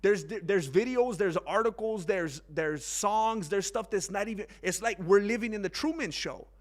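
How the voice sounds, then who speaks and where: A young man giving a rambling casual monologue on fight news, animated and mocking. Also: normal speed. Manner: rambling, animated, mocks others in high exaggerated voices. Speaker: MMA commentary YouTuber.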